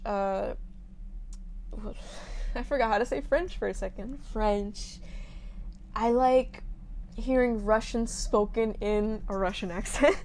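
A woman's voice: on the high side, slight background noise. A young woman from the United States answering listener questions in a loose, chatty monologue, full of fillers and slang, recorded as a phone voice memo.

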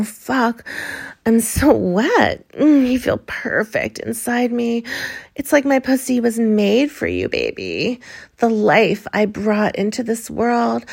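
Woman, sultry intimate role-play, breathy and husky, a bit of vocal fry, close to the mic. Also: on the high side. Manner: sultry, coaxing and breathy, with soft moans. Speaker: erotic audio performer.

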